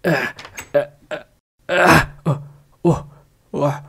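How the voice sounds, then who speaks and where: A man's voice: a little high, steady tone, takes it slowly, creaky, sharp tone, breathy edge, exaggerated voice. A man voicing a blustering wolf who huffs out threats, then stammers and begs. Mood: pleading. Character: blustering wolf, adult male, bullying then pleading.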